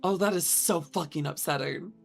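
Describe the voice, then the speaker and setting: A young adult woman streaming a video game, talking to her chat with loud exasperated outbursts and swearing. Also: deep voice, moderate pace, vocal fry, slightly rough, faint music behind. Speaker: VTuber streamer. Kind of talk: gaming livestream commentary.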